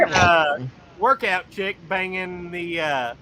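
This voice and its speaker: A man's voice: sits high, expressive, normal speed, a loud crowd. A man co-hosting a podcast, rambling and cursing in casual chat, laughing often. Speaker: podcast co-host.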